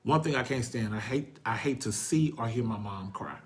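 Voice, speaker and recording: Earnest man sharing his story. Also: medium pitch. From Houston, Texas. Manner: earnest, halting, emotional storytelling. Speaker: host. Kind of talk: personal testimony on a livestream.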